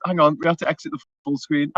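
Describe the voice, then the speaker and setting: A man with a Liverpool accent hosting a casual live stream, chatting and reading out viewer comments with jokey excitement. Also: on the high side, fast, lo-fi sound. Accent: Liverpool (Scouse). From Liverpool, England. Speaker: livestream host.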